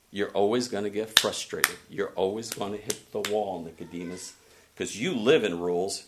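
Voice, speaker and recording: A man preaching a sermon, retelling scripture in an animated way and slowing down for the quoted words. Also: on the low side. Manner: animated, slows down for quoted lines.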